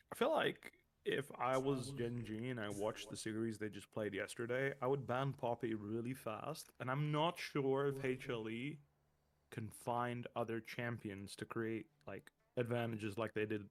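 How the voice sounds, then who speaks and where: A man's voice: medium pitch, normal speed. A young man and former pro gamer chatting casually on stream, rambling and repeating words, swearing often.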